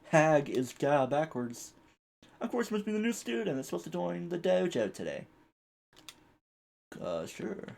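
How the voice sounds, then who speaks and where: A man commentating his own live game stream. His voice has a gravelly, rough edge and a slightly husky, breathy tone. He wanders from thought to thought, chuckling as he reads on-screen text aloud. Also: mid-range voice, darkish tone. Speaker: gaming streamer.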